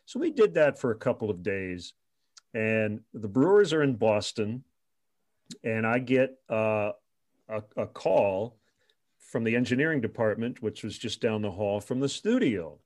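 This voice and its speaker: A former radio sports reporter telling stories in an interview, animated and chuckling often. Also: male voice, lowish voice, unhurried. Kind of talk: storytelling in an interview.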